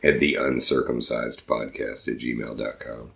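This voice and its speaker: A man's voice: rumbling low, steady tone, unhurried, creaky, a bit bright. A man co-hosting a podcast in casual chat, joking in a dry, sarcastic way. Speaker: podcast co-host.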